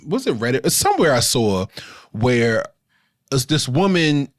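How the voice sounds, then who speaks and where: Man podcast co-host, casual and expressive, lively pitch, dry close mic. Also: dry recording. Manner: expressive, stammering restarts, quick reactions. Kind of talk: casual chat.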